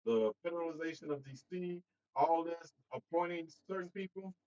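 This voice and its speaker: Talking straight to his audience, the host of a casual political livestream stays animated and breaks into laughter between points. He sounds a little high, keeps a moderate pace, and the audio is dull.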